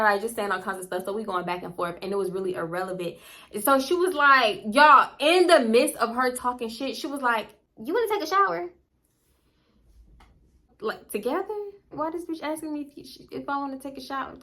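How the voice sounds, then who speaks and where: Young woman vlogger, chatty and profane storyteller with a bright, fairly high voice. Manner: chatty, slangy, swears freely and acts out quotes. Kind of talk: casual storytime.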